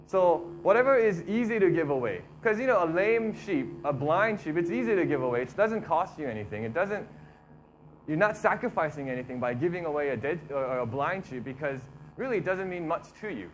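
A man giving a casual, conversational sermon, talking through the text in a relaxed way and often repeating himself. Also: a little high, fairly quick, low-quality recording. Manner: relaxed, repeats himself, acts out complaining voices. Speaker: preacher.

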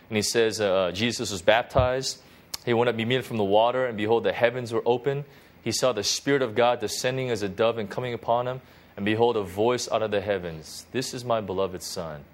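A man giving an informal devotional teaching as a pastor, talking conversationally and checking in often with "you know" and "right?". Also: on the low side.

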